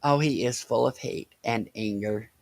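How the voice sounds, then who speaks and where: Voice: mid-range voice, normal speed, vocal fry, very noisy. A reaction commentator with a sarcastic, mocking way of talking.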